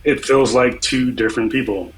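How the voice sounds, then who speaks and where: A man's voice: medium pitch, moderate pace, soft background music, low-quality recording. A man chatting as a guest on a review show, easygoing and playful. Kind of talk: casual review chat.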